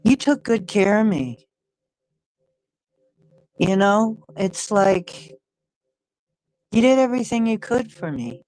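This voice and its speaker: A woman voicing the gentle male spirit of her cat in person form, speaking softly and reassuringly. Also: mid-range voice, animated, slow pace, pauses often, voice pushed up, low-quality recording. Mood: tender. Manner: soft, tender, reassuring.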